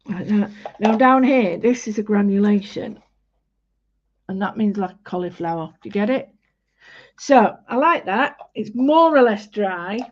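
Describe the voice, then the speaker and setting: A woman talks slowly through a watercolour demo, chatty and full of little pauses and fillers. Her voice sits at a middling pitch. The recording is muffled and lo-fi. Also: expressive. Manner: chatty, halting, many fillers. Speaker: art tutorial host. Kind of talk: casual painting demonstration. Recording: dull lo-fi home recording.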